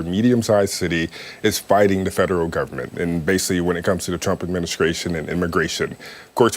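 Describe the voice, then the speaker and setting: A man reporting for a local TV news show, talking conversationally with frequent ums. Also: sits low. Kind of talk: live news debrief.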